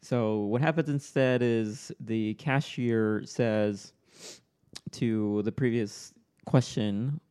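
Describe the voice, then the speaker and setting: A man with a mellow, relaxed voice hosts a casual podcast. He walks through comic panels one by one and reads out the lines of dialogue in between. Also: fairly low pitch, takes it slowly, smooth. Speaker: podcast host reading comics. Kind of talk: casual chat.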